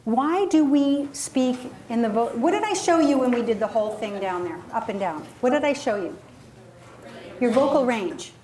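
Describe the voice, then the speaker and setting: A woman coaching a live group on voice, speaking energetically and dropping into sudden high and low demonstration voices. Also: lively intonation, moderate pace, dark tone. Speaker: voice and presentation coach. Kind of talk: workshop talk to a live audience.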